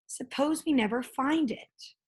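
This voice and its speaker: A woman voicing a gentle, grateful storybook dragon. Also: high-pitched, unhurried, voice pushed up. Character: grateful male dragon, gentle and a bit anxious.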